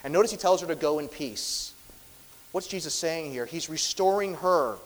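A man preaching a sermon as pastor, swinging between loud, emphatic lines and hushed, quiet ones. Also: on the high side, moderate pace, big-room sound, low-quality recording.

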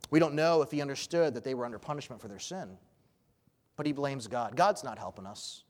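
A man's voice: mid-range voice, lively intonation, fairly quick, long reverb tail. A man preaching an expository sermon as pastor, earnest and emphatic.

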